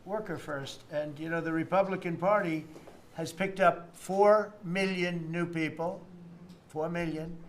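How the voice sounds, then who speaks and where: A man's voice: fairly high pitch, a little hiss or hum. Rambling older American man, off the cuff. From United States. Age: 70s. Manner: rambling, repetitive and boastful, with mocking asides. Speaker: politician. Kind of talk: off-the-cuff remarks at a meeting. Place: indoor meeting room.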